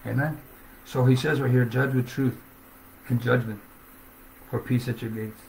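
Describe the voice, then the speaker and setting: A man's voice: mid-range voice, steady tone, moderate pace, vocal fry, a little hiss or hum. A man preaching a sermon with fervent energy, reading scripture aloud and often asking "Amen?". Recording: echoey room.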